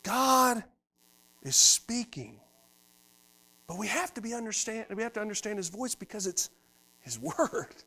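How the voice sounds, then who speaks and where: A man preaching a sermon as pastor, swinging from loud emphatic lines to hushed quiet ones. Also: high-pitched, expressive, measured pace, pauses often.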